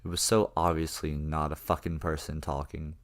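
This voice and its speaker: Man, very deep low voice, horror story narration, casual and profane, first-person telling. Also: little pitch movement, moderate pace. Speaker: creepypasta narrator.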